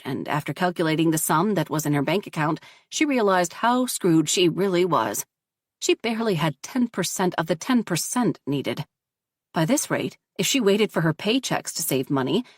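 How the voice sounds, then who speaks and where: A woman reading a story aloud in steady, measured audiobook narration. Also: fairly low pitch, no echo, clean studio sound.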